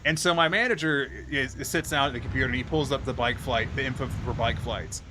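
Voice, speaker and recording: A man livestreaming, telling an exasperated, profane work story in a casual, animated way. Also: medium pitch, a little fast, a little hiss or hum. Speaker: streamer. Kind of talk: casual storytelling on a live stream. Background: faint game music.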